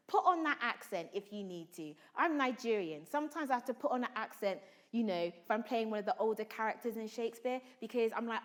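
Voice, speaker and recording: Energetic actress rousing students. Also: female voice, fairly high pitch, brisk. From England (Somerset). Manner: energetic, exhorting, keeps checking in with listeners. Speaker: actor speaking to students. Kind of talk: motivational talk to students.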